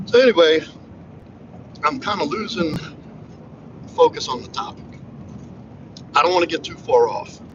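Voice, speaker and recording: Expressive and moderately paced with long pauses, a livestream host delivers a casual monologue in a highish voice. He's blunt, profane, and preachy, and the audio is muffled lo-fi with background noise.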